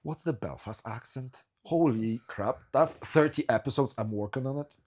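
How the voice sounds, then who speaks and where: A man's voice: medium pitch, moderate pace, a little mellow. A man in his thirties from Poland who hosts a podcast, chatting casually in non-native English and telling anecdotes. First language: Polish. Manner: loose non-native phrasing, tells anecdotes with acted quotes. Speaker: podcast host. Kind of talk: casual interview chat.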